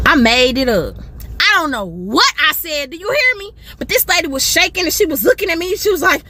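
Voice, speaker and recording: Woman, phone storyteller in a car, high bright voice, animated delivery. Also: normal speed, a little hiss or hum. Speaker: social media storyteller. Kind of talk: storytime video. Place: parked car.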